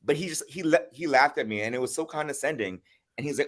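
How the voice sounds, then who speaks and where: A man hosting a casual livestream chat, telling stories in an animated way. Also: fairly high pitch, fast talker. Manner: animated storyteller. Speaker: host.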